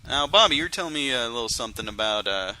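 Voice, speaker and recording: Man, casual podcast host, very bright tone, playful. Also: mid-range voice, lively intonation, fast talker, slight background noise, low-quality recording. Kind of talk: casual chat.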